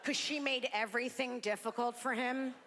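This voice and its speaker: Brief: woman stand-up comic, brash and self-mocking, high bright voice, stage mic. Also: normal speed, in a large hall. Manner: brash, self-deprecating, animated. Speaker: stand-up comedian. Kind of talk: stand-up comedy set. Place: comedy stage.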